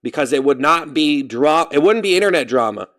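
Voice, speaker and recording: A man with a fairly high voice rambles through a casual live stream, talking straight to his chat. He keeps tripping over his words, restarting and correcting himself before he finishes a thought. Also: lively intonation, a little fast, fairly bright tone. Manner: talks straight to chat, reading out names.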